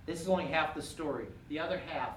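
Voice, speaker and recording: A man preaching a sermon, rising to emphatic peaks and dropping quiet and intimate. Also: on the high side, fast, a little hiss or hum. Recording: echoey room, from far off.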